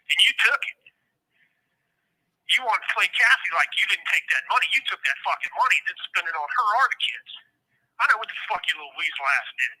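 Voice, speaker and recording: Heated, profane middle-aged man, high-voiced. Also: animated, a little fast, bright, forceful tone, husky, poor audio. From Ohio. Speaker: prison inmate guest. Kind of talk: phone interview.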